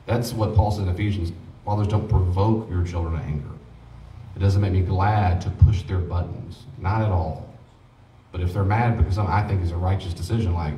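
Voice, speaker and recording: A man with a somewhat low voice teaches in a rapid, lively way, acting out exchanges with children. He sounds distant from the mic, and the room gives his voice a strong echo. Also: lo-fi sound, slight background noise. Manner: animated, acts out dialogues with children. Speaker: pastor teaching a grief study. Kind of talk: informal teaching talk.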